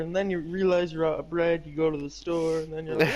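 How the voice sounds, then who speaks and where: A man with a notably high voice co-hosts a laid-back podcast chat. He rambles from joke to joke and often trails off before finishing his thought. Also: steady tone, a little fast, few pauses, a little mellow, muffled recording. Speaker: podcast co-host. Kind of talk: casual chat.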